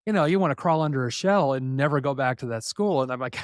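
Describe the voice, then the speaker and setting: A man's voice: mid-range voice, fast, no echo, clean studio sound. A middle-aged man, a podcast guest, telling personal stories reflectively with hesitant fillers. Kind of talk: conversational interview.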